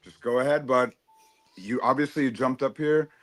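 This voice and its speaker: A man's voice: mid-range voice, normal speed, a bit bright, soft background music. A man in a heated, casual stream chat, taunting and swearing at another panelist. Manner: profane, taunting, confrontational.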